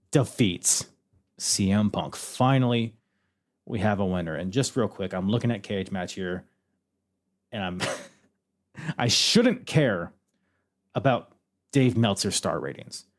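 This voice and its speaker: A man hosting a podcast alone, excitedly recapping a wrestling match move by move and swearing freely. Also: mid-range voice. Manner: excitable, swears freely, calls moves like a commentator. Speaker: podcast host.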